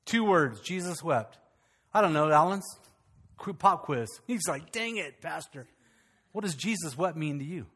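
A man preaching a sermon as pastor, animated and calling out questions to his congregation. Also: a little high, moderate pace, breathy edge, long reverb tail.

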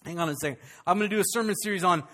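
A man's voice: high voice, very fast, a bit bright. An older man preaching a sermon as pastor, folksy and storytelling, rising to fervent, rhythmic preaching.

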